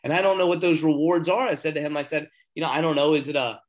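A man telling a story in casual chat, earnest and rambling, getting excited as he talks. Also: a little high, fast talker. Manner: earnest, excitable when talking faith; rambling with many fillers and restarts.

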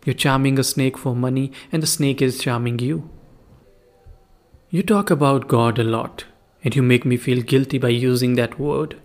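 Scolding poor wife, man reading her lines, accusing and sour, gravelly tone. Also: mid-range voice, fairly even intonation, moderate pace, close to an everyday voice. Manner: reproachful, accusing.

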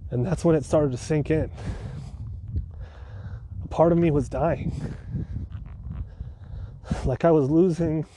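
A man's voice: fairly high pitch, slow pace, pauses often, mellow, slight background noise. A man podcasting, telling a personal story in an earnest, heartfelt way, with sighs between thoughts.

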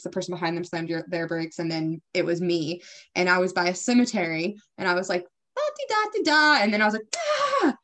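A woman's voice: on the low side, fairly bright tone. Young woman telling stories on a podcast. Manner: storytelling, acts out her own past lines. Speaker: co-host, spiritual medium. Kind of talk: casual podcast chat.

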